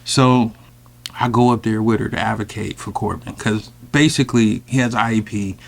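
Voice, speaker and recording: A man telling a personal story in a casual, animated, slangy way, with sudden loud outbursts. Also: on the low side, moderate pace, creaky. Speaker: storyteller host.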